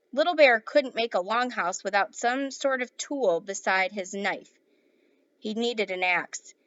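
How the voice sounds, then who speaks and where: A woman's voice: fairly high pitch, no echo, highs cut off. A woman teacher reading a children's novel aloud to her class, then giving the students a task. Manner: clear, steady read-aloud with classroom asides.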